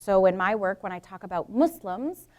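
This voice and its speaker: A woman's voice: mid-range voice, expressive, normal speed, a little mellow, dull audio. A middle-aged woman from Brooklyn and New Jersey giving a public lecture as a professor, frank and informal, with asides to the audience.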